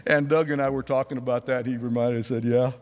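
A man's voice: medium pitch, fairly even intonation, fast talker. A man in his sixties, preaching a sermon: he rambles through a personal story, then builds to fervent preaching. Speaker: pastor. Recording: long hall reverb.

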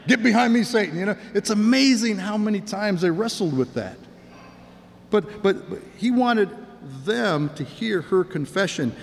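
A man's voice: high voice, expressive, unhurried, creaky, in a large hall. A man preaching a sermon in an earnest way, often repeating and restarting his words.

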